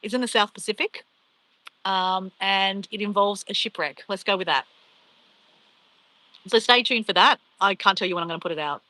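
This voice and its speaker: A woman's voice: mid-range voice, normal speed, pauses often, sharp tone, no room sound, rough recording. A young woman chatting casually on a travel live stream, rambling and laughing as she reads viewer comments.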